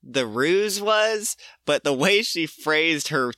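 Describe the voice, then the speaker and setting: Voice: medium pitch, animated, pushed and bright, no room sound, studio quality. A podcast co-host chatting casually, cutting in with jokes and swearing. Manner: joking, swears, quick wisecracks. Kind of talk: casual chat.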